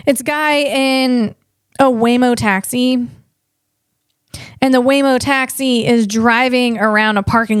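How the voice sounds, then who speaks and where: A woman comedian hosting a tech podcast, talking in an animated way and tripping over her words. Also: fairly high pitch, clear, resonant tone, no room sound, clean studio sound. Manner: animated, stumbling over words, acts out voices.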